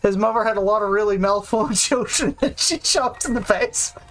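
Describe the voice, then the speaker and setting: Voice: mid-range voice, fairly quick, fairly bright tone, faint music behind. A let's play gamer talking casually while playing, swearing freely and joking at their own expense. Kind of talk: casual gameplay chat.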